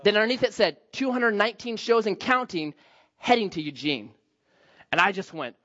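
Middle-aged guy preaching, storytelling, jumps up high when he acts stuff out, kinda dull audio. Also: moderate pace. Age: 40s. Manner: animated, acts out his younger self with high excited outbursts. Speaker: pastor. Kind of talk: sermon storytelling.

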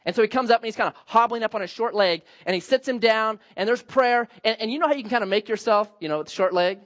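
A man's voice: high-pitched, quick pace, fairly bright tone, muffled recording. A man preaching a sermon as pastor, telling stories with self-mocking jokes. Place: church sanctuary.

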